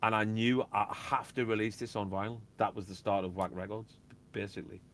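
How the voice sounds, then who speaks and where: A man, a DJ and label owner, chatting casually and telling animated stories that act out beats and quotes. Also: fairly low pitch, fairly quick, no echo. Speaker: guest, DJ and record label owner. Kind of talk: casual chat.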